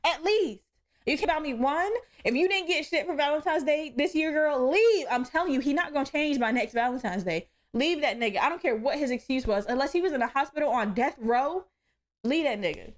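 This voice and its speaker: A young woman hosts her own podcast and rants through everyday stories, blunt and full of swearing. Her voice sits a little high for a woman, and she talks with animated, heated energy. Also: a little fast. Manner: blunt, profane, animated storytelling. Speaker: podcast host. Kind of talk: casual solo podcast rant.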